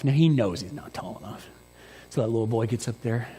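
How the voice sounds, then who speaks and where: Animated male preacher in an echoey church. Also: medium pitch, a little fast, husky. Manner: animated storytelling, swinging from loud emphasis to hushed. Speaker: pastor. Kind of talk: sermon.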